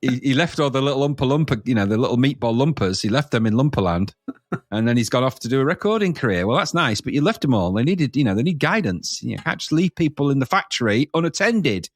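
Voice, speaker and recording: Lively joking man, dry close sound. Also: mid-range voice, quick pace, no echo. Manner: jokey, riffing, laughs often. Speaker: podcast co-host. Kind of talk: casual chat.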